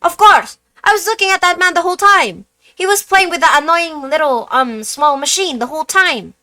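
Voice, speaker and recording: A woman voicing an excitable, theatrical male passenger who exclaims indignantly. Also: very high voice, moderate pace, pitched above the performer's own voice, full character voice.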